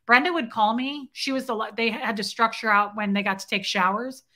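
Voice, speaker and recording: An outspoken woman tells a story straight to camera in a bright, forceful voice. She talks indignantly, swears casually and keeps asking her viewers "right?" as she rambles along. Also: fairly high pitch, steady tone, normal speed. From grew up in Scientology. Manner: rambling, loops back with "okay?" and "right?". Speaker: vlogger telling a personal story.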